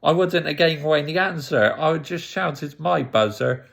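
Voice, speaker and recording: A man's voice: a little high, normal speed, vocal fry, fairly bright tone. A man, a YouTuber casually retelling stories and laughing often as he talks. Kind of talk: casual storytelling recap.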